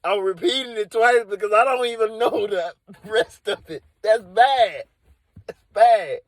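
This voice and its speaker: A man's voice: high-pitched, measured pace, no echo. A man doing improvised comedy from inside a car, rambling and leaning on "you know" and "like". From Dallas area.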